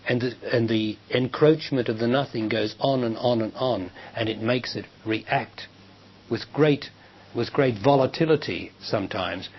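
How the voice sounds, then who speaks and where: A spiritual teacher with a medium-pitched, slightly breathy voice gives a measured, emphatic public talk answering questions in a lecture hall with an audience. His pitch rises sharply when he quotes others. The recording is dull, lo-fi, 1990s-era, with faint hiss.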